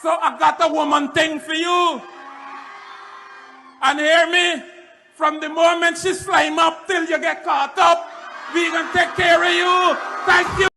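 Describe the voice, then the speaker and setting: A man shouting jokes to a crowd in a played clip. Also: extremely high pitch, flat delivery, a little slow, creaky, in a large hall, background noise. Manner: shouting, joking. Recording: music behind the voice.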